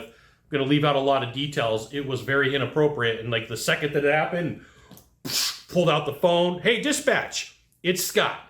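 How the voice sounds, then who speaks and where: Animated man telling work stories, roomy sound. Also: mid-range voice. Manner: animated storyteller who acts out quotes. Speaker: HVAC sales trainer. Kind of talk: casual advice monologue.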